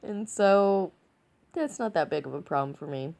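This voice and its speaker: A woman's voice: on the low side, lively intonation, moderate pace, creaky, a little mellow. A tipsy woman vlogging in a casual, rambling way, giggling often between her words. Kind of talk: casual rambling chat to camera.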